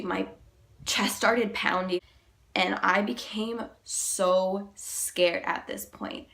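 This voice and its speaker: A young woman vlogger, sick and deeper-voiced than usual, retelling a personal story in a halting, emotional way, full of "like". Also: fairly even intonation, gravelly, fairly bright tone.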